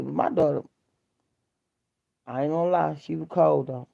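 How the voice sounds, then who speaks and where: A middle-aged woman talks casually to her viewers, blunt and candid as she tells stories from home life in everyday speech. Her voice has a gravelly, fry-laden edge. The recording sounds dull and lo-fi. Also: low voice, moderate pace, mellow. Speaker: vlogger. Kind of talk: casual chat.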